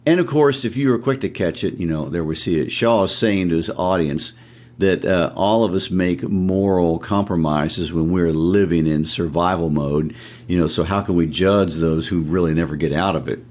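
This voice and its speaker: A man discussing a classic play on an educational podcast, with a low, husky voice. His analysis is thoughtful and measured. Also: darkish tone. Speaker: podcast co-host.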